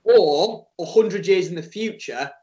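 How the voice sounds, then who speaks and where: A man's voice: high-pitched, lively intonation, measured pace, a little mellow, dull audio. A man co-hosting a podcast in casual chat over a Skype call. He jokes, teases and laughs often. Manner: joking, teasing, laughs often. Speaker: podcast co-host.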